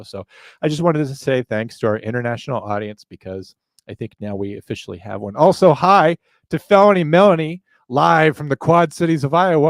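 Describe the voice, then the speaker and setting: A man's voice: mid-range voice, a little mellow, no room sound. Guy cohosting a live podcast, rambly and jokey, swears a lot, dry close sound. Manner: rambling, joking, profane asides. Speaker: podcast co-host.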